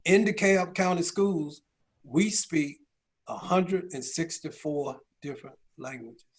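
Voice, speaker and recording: At a business round table, a middle-aged county chief executive from Georgia in the US tells stories filled with rhetorical questions and folksy asides. He speaks slowly in a voice on the high side.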